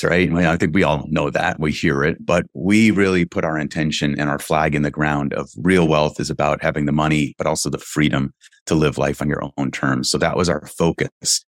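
A middle-aged Californian man, founder of a real estate investing business, speaks as an interview guest in a very deep voice. His manner is earnest, reflective and casual, and he often slips in "you know." The studio-quality recording has no echo.

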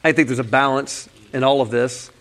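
A man's voice: medium pitch, steady tone, a little fast, fairly bright tone. A man preaching a conversational sermon in a candid, casual way, often saying "man" and breaking into short laughs. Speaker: pastor.

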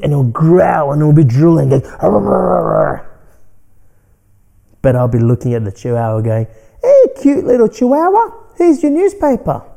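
A man with a very dark, mellow voice delivers a spiritual self-help monologue as a podcast host. He sounds earnest and reflective, moving between quiet, near-whispered lines and firmer emphatic ones. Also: mid-range voice, gravelly, slightly rough.

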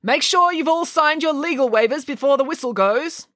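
A woman reading a storybook, voicing a pompous male vice principal who calls out loud announcements as race marshal. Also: sits high, normal speed, dry recording, clean studio sound, pitched above the performer's own voice. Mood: announcing.

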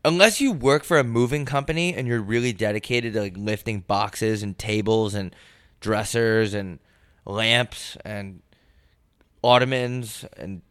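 A man's voice: on the low side, a little slow, fairly bright tone, smooth, no room sound. A young man co-hosting a podcast, joking and mocking in casual chat on a close mic. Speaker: podcast co-host.

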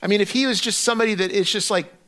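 Male pastor, middle-aged, high bright voice; chatty sermon, acts out his prayers with lots of restarts. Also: very fast. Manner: conversational, acts out his own prayers to God with many restarts.

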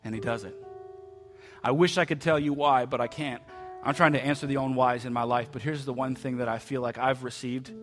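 A man's voice: mid-range voice, steady tone, brisk, soft background music. Man preaching a heartfelt sermon. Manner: heartfelt, repeats words, soft quotes. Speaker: pastor. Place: church sanctuary.

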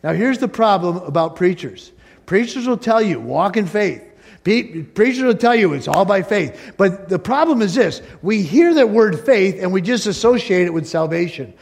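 A man preaching a sermon as pastor, animated, acting out the voices of doubting listeners. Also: high voice, normal speed, creaky.

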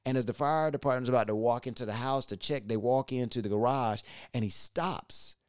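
A man hosting a podcast, lively as he retells a personal story and repeating words when excited. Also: medium pitch, a little fast, clear, resonant tone, dry recording, clean studio sound. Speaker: podcast host.

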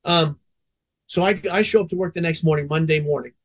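A man's voice: a little high, brisk. A man in his forties, a veteran fire officer, telling a story on a podcast in an intense, profanity-laced way.

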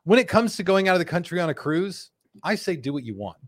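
A man from the United States hosting a casual live-stream chat, joking and animated. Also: high-pitched, fast. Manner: joking, animated, puts on mock voices. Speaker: host.

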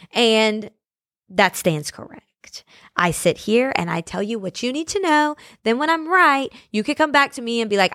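A woman's voice: medium pitch, fairly bright tone, dry recording, studio quality. A young woman hosting her own podcast, ranting in a sassy, casual way full of fillers. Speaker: podcast host. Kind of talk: solo podcast rant.

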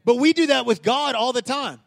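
A male pastor in his thirties delivers a sermon in a conversational but emphatic style. His voice sits high for a man. He often stumbles and restarts his phrases as he pushes his points. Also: fairly quick, vocal fry. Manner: casual, emphatic, with frequent restarts.

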